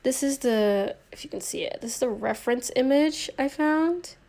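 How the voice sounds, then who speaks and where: A woman's voice: sits high, moderate pace, a little mellow. A young woman chatting idly to a live stream while she paints from a phone, rambling and joking at herself. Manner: rambling, self-mocking, talks to herself.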